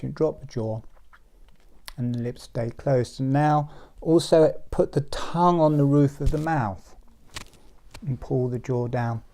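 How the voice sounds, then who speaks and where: A man guiding a group through a relaxing breathing exercise, in a slow, soothing, hypnotic way. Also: mid-range voice, mellow. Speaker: breathing teacher. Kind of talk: guided breathing instruction. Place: outdoor sacred site with a group.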